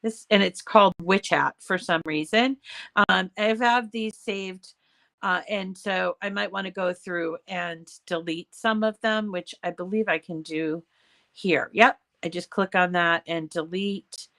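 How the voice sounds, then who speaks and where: A hoarse woman walks through a craft project at a slow, easy pace. She talks in a chatty, step-by-step way, with fillers and frequent throat clearing. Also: on the low side, a bit bright. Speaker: crafting channel host. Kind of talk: casual craft tutorial.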